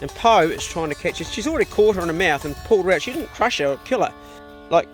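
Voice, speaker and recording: A man narrating casually while walking his dogs by a farm pond. His voice sits a little high for a man, and his talk stays relaxed and offhand, filmed on a phone out in the open air. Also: fast, faint music behind. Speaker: farm vlogger. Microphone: handheld phone.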